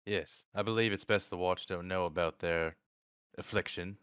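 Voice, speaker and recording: A man playing a tabletop game, calm and matter-of-fact. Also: low-pitched, normal speed, clean tone, dry recording, clean studio sound. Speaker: player. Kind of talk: casual chat.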